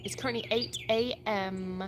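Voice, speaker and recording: An English woman hosts a relaxed live stream and chats her way through viewer questions one by one. Her voice sits at an ordinary middle pitch, and she restarts sentences as she goes. Faint birdsong drifts along behind her. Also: moderate pace, background noise. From England. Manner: reads viewer comments aloud and answers them, chatty with restarts. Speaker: livestream host. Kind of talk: casual live-stream chat.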